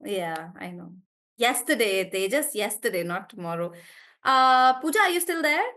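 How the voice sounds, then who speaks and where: A woman's voice: medium pitch, lively intonation, normal speed, sharp tone. A woman from South India with a South Indian English accent, teaching pronunciation in a live online class, encouraging and breaking words into syllables.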